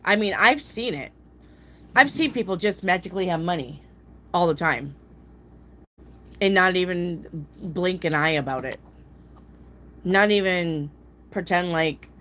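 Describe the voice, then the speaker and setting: A woman's voice: a bit bright, slight background noise. Blunt, profane woman reading tarot. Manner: blunt and profane, mimics people in a high voice. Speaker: tarot reader answering viewer questions. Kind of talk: casual live tarot reading.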